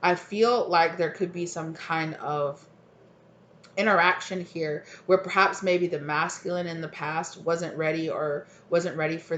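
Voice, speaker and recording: Low-voiced woman giving a rambling tarot reading. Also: fairly bright tone. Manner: rambling, chatty, filler-heavy, laughs often. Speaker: tarot reader. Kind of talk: casual intuitive tarot reading. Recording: roomy, slightly dull sound.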